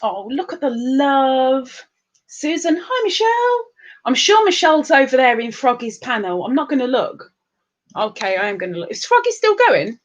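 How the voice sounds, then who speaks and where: A woman's voice: sits high, very animated, normal speed, dull audio. A tired woman hosting a casual live stream, chatting bubbly and greeting viewers by name with big upward swoops.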